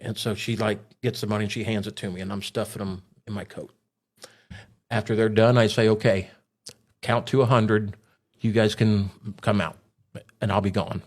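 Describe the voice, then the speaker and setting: A man's voice: lowish voice, fairly even intonation, normal speed. A man telling a story in a casual way, acting out the other voices as he retells it. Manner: acts out voices in his retelling. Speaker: storyteller recounting a robbery.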